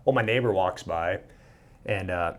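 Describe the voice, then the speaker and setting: Animated storytelling man, low voice. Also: measured pace. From Minnesota. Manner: animated, swears freely, acts out quoted dialogue. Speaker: podcast guest. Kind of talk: casual storytelling.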